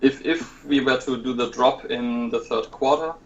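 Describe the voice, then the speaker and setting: A man talking in a casual podcast chat, measured and hesitant with frequent fillers, explaining plans for a keycap set. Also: mid-range voice, lo-fi sound.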